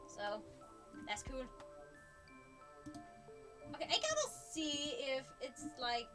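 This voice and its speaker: A woman's voice: on the high side, far from the mic. A woman streamer chatting casually on a livestream, giggly and flustered, often stopping to restart her sentences.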